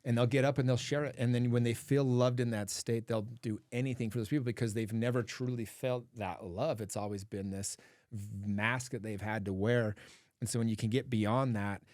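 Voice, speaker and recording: A man's voice: medium pitch, steady tone, moderate pace, darkish tone, no room sound, clean studio sound. A man who coaches men, speaking as a guest on a casual podcast, earnest and storytelling, often dropping "like" as a filler.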